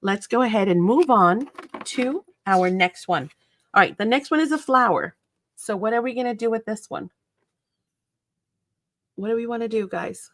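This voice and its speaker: Excitable woman hosting a craft demo; chatty, quick to laugh, dry close-miked sound. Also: fairly high pitch, dry recording. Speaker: craft demonstrator. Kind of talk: live crafting demo chat.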